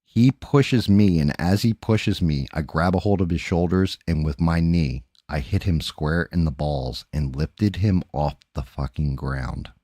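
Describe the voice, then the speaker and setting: A man with a very low voice spins a profane yarn with his own sound effects. He talks as a livestream host in a loose, casual way. His voice sounds dry and close, with no room around it. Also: measured pace, few pauses, mellow, dry recording. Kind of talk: casual storytelling chat.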